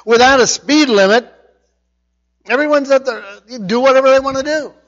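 A man's voice: very high-pitched, moderate pace, highs cut off. A man preaching a conversational sermon, repeating his points with emphasis. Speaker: pastor.

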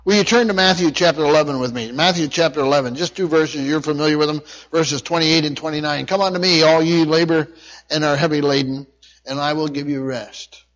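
A man's voice: on the high side, fairly quick, a bit bright. A man preaching a sermon, reading scripture aloud and repeating key phrases earnestly. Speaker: pastor. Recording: dull lo-fi recording.

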